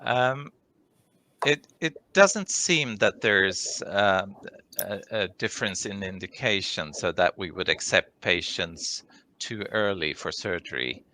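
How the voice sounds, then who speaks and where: A man answering conference questions over a video call, measured and hesitant, with many ums and restarts. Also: low-pitched, lively intonation, bright, forceful tone. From Sweden. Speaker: conference speaker, orthopedic clinical leader. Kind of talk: live Q&A answers.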